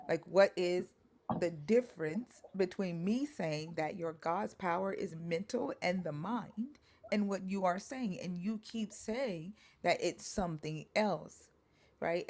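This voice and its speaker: A woman's voice: fairly low pitch, darkish tone. A woman in a group discussion who challenges the other side with pointed, probing questions. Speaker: discussion participant.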